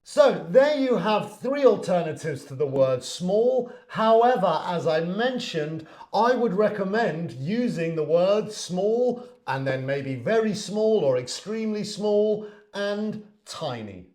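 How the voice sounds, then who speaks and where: A man's voice: high voice, slow, few pauses. Guy teaching vocab, bouncy sing-song voice, roomy echo. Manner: lively, explaining with acted example sentences. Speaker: English teacher. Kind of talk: online language lesson. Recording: echoey room.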